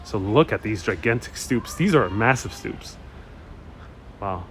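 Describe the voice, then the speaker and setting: A man's voice: lowish voice, expressive, measured pace, a bit bright. A young adult man from Queens hosting a live walking tour on a city street, reading out viewer comments and answering them as he goes. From Queens, New York. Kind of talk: casual live-stream chat while walking. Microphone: wireless clip-on mic while walking. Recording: outdoor street recording with faint traffic noise. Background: street traffic.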